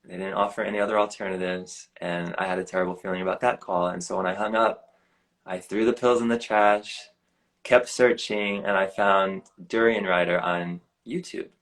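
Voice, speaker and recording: A man in his forties telling a personal story in an earnest, animated way, often saying "like", recorded over a live video stream. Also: low-pitched, moderate pace, rough recording. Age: 40s. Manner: earnest, animated, heavy use of "like". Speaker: guest. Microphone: live video stream on a phone or computer.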